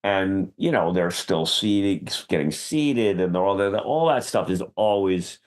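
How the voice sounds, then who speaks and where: Lowish male voice, halting and repetitive. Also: lively intonation, a little mellow. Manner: halting, repeats words, frequent yeahs. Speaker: comedian podcast co-host. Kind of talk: casual chat about writing jokes.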